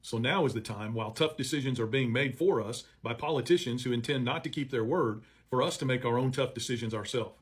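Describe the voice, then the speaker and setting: A man making an earnest, measured appeal to farmers and ranchers. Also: medium pitch, husky. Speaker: advocate addressing farmers. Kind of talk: earnest speech to camera.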